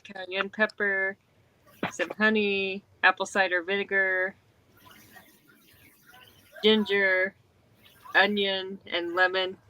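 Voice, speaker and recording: A woman's voice: medium pitch, level tone, slow pace, long pauses, pushed and bright, clear, resonant tone, rough recording. A woman hosting a casual live stream chat, reading odd posts aloud with dry asides.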